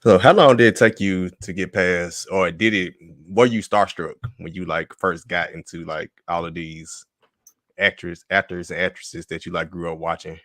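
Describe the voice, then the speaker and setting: A man with a deep, low voice hosts the interview. He asks casual questions in a relaxed, halting way, and his voice sounds dry and close. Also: no room sound. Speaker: interviewer host.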